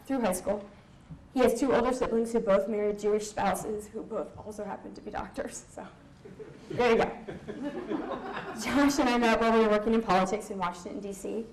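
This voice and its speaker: A woman's voice: medium pitch, darkish tone, slight background noise. A young woman from Southern California giving a candid, emotional personal talk at a conference, with a laugh now and then. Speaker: conference speaker. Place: conference hall. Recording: echoey hall.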